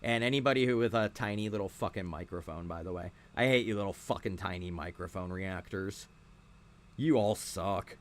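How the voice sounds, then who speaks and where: A man's voice: deep voice, normal speed, a little hiss or hum. A man hosting a podcast, ranting casually with constant swearing and irritation. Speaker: podcast host.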